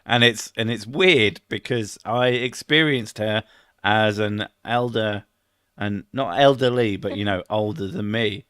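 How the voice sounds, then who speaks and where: A man's voice: lowish voice, measured pace, a bit bright, smooth, no room sound, clean studio sound. A middle-aged British man chatting casually on a live stream, rambling, swearing a lot and laughing at his own jokes.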